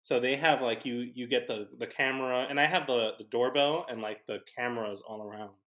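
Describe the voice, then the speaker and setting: A man's voice: medium pitch, brisk, a bit bright. A young man co-hosting a podcast, chatting enthusiastically and rambling off track. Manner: enthusiastic, rambling, loses his train of thought. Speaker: podcast co-host. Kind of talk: casual chat.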